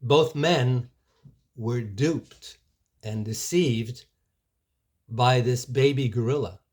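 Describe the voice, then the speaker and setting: A man preaching, telling an illustration story at an unhurried pace, with asides and small restarts. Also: medium pitch, darkish tone.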